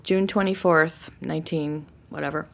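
Animated woman telling a story. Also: sits low, moderate pace, vocal fry, a little hiss or hum. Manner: animated, acts out quoted voices. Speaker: storyteller guest. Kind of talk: casual personal storytelling.

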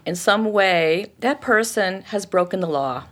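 Woman, fifties, casual guest chat; animated storyteller who acts out quoted voices. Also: mid-range voice, measured pace. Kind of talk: casual conversation.

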